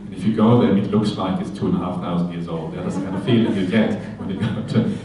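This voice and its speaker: A man, a Buddhist monk, giving a conversational Dharma talk at a retreat, with many fillers and "yeah?" tags, breaking into lively quoted voices. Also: deep voice, quick pace, background noise. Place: retreat hall. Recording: very echoey hall, voice from far off.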